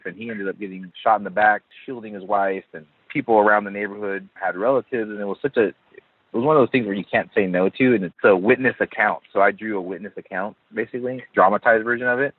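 A man, an artist, telling stories as an interview guest in an animated way with frequent laughs. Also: lowish voice, quick pace, breathy edge, no room sound. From Southern California. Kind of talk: casual interview chat. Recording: tinny phone-line audio.

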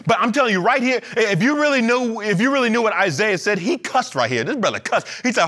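A man preaching a sermon as pastor in a church, animated, with playful asides and acted-out quotes. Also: high-pitched, quick pace, hardly any pauses, slightly rough. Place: church sanctuary.

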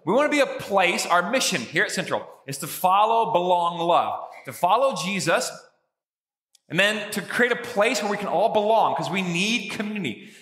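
A man's voice: sits high, animated, normal speed, fairly bright tone. A man pastor giving a sermon in a conversational, joking storytelling way, in a church sanctuary. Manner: conversational, jokey storytelling preacher. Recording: echoey room with long reverb.

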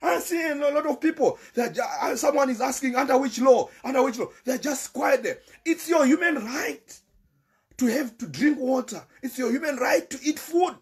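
A man's voice: extremely high pitch, normal speed. A Zimbabwean man giving impassioned political commentary, emphatic and repetitive, mixing English with Shona.

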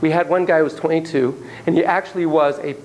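A man lecturing a class, telling stories in an animated, playful way and acting out sound effects. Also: fairly high pitch, fast talker, a little hiss or hum, poor audio.

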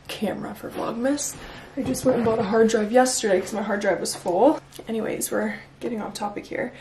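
A young woman in her twenties chatting casually to camera at home in a vlog, excitable and full of fillers. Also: mid-range voice, gravelly, echoey room, slight background noise. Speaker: vlogger. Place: home living room.

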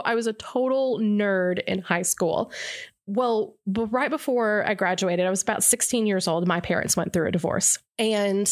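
A woman in her forties, a radio co-host, telling her life story in an earnest, reflective way, with many fillers. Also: medium pitch. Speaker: radio morning show co-host as interview guest. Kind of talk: candid personal interview.

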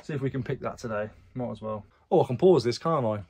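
Speaking quickly in a gravelly, dark, slightly breathy voice of medium pitch, this young British reseller vlogger talks casually about what he's sold. He occasionally swears and reads out messages from buyers.

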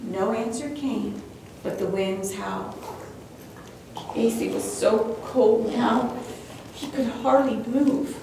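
A woman reading a suspenseful children's story aloud in a church, with expressive storytelling. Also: on the high side, slow pace, vocal fry, noisy background. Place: church sanctuary. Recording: very echoey hall, distant mic.

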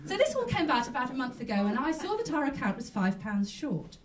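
A woman's voice: high voice, very animated, fast talker, far from the mic, crowd noise. Prim, rambling woman comic. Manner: prim, genteel, rambling and chatty. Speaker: comedian hosting a mock chat show. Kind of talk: stand-up character comedy.

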